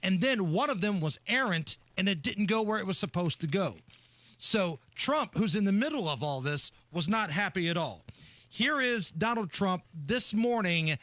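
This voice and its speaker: Wry bright-voiced male radio co-host. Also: high voice, lively intonation, normal speed, no room sound. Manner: wry, explains things with mocking impressions. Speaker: radio talk show co-host. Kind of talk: casual talk radio banter. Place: radio studio. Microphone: studio microphone.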